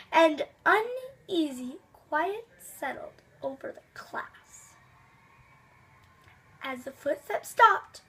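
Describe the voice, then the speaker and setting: Young woman, high voice, slow storybook reading, chatty asides. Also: a bit bright. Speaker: storybook reader. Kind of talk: reading a children's chapter book aloud.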